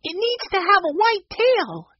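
A man doing a high, eager young boy. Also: big pitch swings, measured pace, muffled recording, full character voice. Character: young boy, cheerful and joking.

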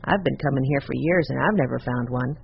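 A man voicing a knowledgeable young rockhound in a storybook, in a calm, informative manner. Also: medium pitch, a little fast, creaky, a little hiss or hum, natural voice. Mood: explaining. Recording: dull lo-fi recording.

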